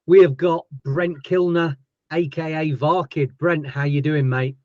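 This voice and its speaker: A man's voice: a little high, steady tone, unhurried, a little mellow, no echo, lo-fi sound. A man with a Yorkshire accent hosting a casual interview podcast, chatty and jokey with his guests. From Yorkshire, England. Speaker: podcast host.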